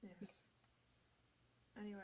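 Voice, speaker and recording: A woman's voice: measured pace, warm tone. A woman co-hosting a casual livestream chat, talking in a sarcastic, dry manner.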